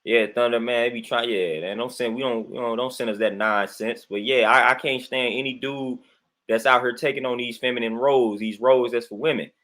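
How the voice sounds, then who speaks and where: In a livestream rant, a man speaks fairly quickly in a steady, mid-range voice with a fairly bright tone. He repeats himself emphatically, uses "man" all the time, and greets his viewers between points.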